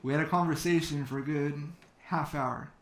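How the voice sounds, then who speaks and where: A man's voice: fairly high pitch, fairly even intonation, normal speed, a little hiss or hum. A man telling a personal story to an audience, acting out quoted talk in his own voice, with fillers. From California. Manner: quoting others in his own voice, with many fillers. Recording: echoey hall.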